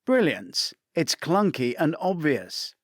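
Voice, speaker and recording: A man's voice: a little high, very animated, moderate pace, no room sound, clean studio sound. A man voicing a teasing older detective with a British accent in a spoken audiobook. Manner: playful, teasing.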